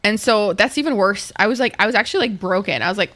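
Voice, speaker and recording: A woman's voice: mid-range voice, fast, hardly any pauses, fairly bright tone. A woman streamer chatting casually and swearing a lot while playing a game and talking to her chat. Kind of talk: casual gaming livestream chat.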